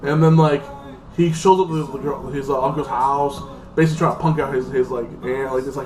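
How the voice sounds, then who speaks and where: There's background noise and faint music behind a man reviewing a movie casually, his voice somewhat far from the mic. He speaks fairly quickly at medium pitch in a steady tone, rambling, saying "like" constantly and acting out the characters.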